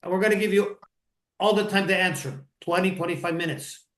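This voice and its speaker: A man's voice: high-pitched, brisk, fairly bright tone, roomy sound. A male interview host who introduces his guest in a formal, effusive way. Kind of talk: radio interview. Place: home studio in Miami.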